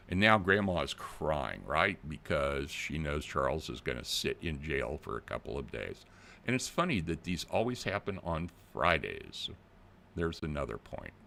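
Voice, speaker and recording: An older man hosting a casual video, plain-spoken and animated, talking directly to his viewers. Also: extremely low pitch, normal speed, gravelly. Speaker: channel host.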